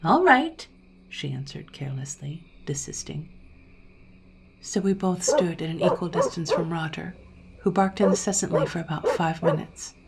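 A woman narrating a dark story in a hushed, often whispering manner and then commenting on it. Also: low-pitched, moderate pace, vocal fry, noisy background. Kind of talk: audiobook storytelling.

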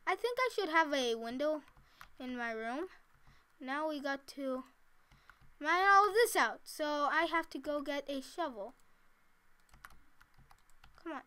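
A woman's voice: high voice, expressive, slow pace, long pauses, sharp tone. A woman casually talking to herself while she plays a building game, chatty and giggly. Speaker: gameplay commentator. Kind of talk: casual let's-play commentary.

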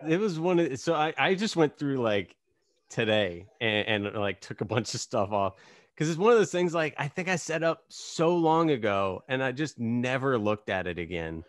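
A man's voice: mid-range voice, big pitch swings, moderate pace, no echo. Man, podcast host, casual interview, easygoing, dry close recording. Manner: easygoing, many fillers and restarts, laughs along.

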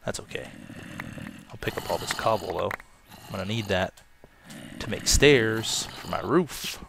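Slow-talking man narrating a game. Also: lowish voice, gravelly, noisy background. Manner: chatty, self-mocking, loud excited outbursts. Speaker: let's play gamer. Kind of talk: casual game commentary.

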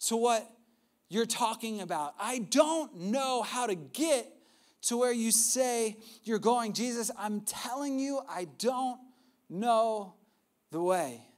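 A man's voice: sits high, moderate pace, voice pushed up, lightly acted. A man voicing an exasperated male disciple who rambles and pleads with his teacher about where he is going. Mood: pleading.

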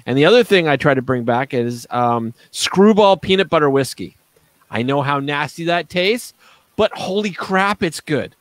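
A man in easy conversation, spinning little stories and breaking into laughter now and then. His voice sits a bit high, and the sound is close and dry, with no room around it. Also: lively intonation, normal speed, no room sound. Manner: chatty storyteller, laughs easily. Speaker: guest panelist. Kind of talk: casual chat.

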